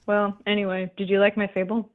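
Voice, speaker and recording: A woman's voice: medium pitch, level tone, fairly quick. A woman calling in to a comedy show, rambling through a retold fable with lots of fillers and casual swearing. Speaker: caller. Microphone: telephone. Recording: tinny phone line.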